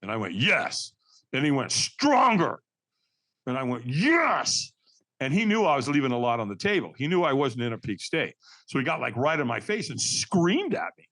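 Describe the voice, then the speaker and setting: A very animated podcast guest speaks fairly quickly in a mid-range, fairly bright voice. The firewalking instructor tells a story, performing quotes in shifting voices and calling the host Doc.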